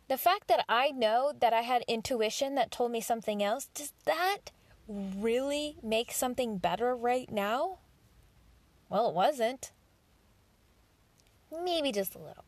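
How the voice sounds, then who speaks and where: A woman with a fairly high voice talks straight into the microphone in a dry, close sound. She tells her story candidly and freely, with casual swearing, and voices her own thoughts as she goes. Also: expressive, measured pace, no echo. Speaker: podcast host. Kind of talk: personal storytelling monologue.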